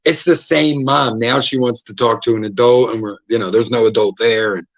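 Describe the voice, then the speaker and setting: A man hosting a podcast, telling stories in a casual, profane, animated way and acting out the voices of the people in them. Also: mid-range voice, fairly quick, vocal fry. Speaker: podcast host. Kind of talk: casual storytelling chat.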